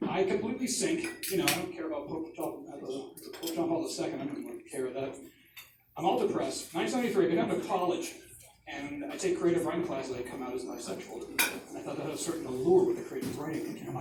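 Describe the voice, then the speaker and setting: A man in his forties telling stand-up stories in a loose, rambling, self-mocking way. His voice sits a bit high for a man. He's picked up from a distance in a very echoey space with plenty of noise around. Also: quick pace. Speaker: comedian. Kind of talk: stand-up comedy.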